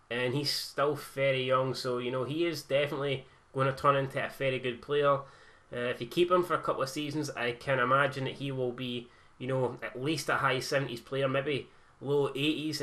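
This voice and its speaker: A man's voice: mid-range voice, fairly bright tone. A young Scottish man giving casual, blunt and sweary commentary over a football video game, sarcastic in tone. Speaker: gaming YouTuber.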